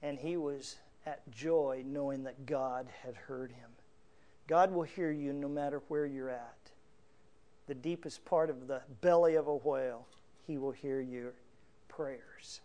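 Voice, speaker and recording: A man preaching a sermon, reading scripture verse by verse and explaining it, swelling louder on emotional lines and dropping softly on quiet ones. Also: medium pitch, steady tone, unhurried. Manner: earnest, reads scripture aloud and explains it verse by verse. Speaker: pastor.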